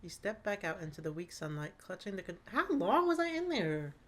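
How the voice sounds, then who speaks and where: A woman's voice: medium pitch, fairly quick, slight background noise. A woman streamer playing a horror game, narrating its text and reacting chattily between lines. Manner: chatty, animated reactions, frequent laughter. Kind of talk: game playthrough commentary and narration.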